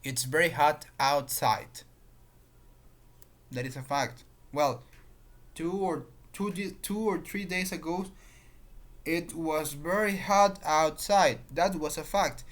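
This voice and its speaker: Slow teacher. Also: medium pitch, a bit bright. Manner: repeats patterns, explains with examples. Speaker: English teacher. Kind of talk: grammar lesson.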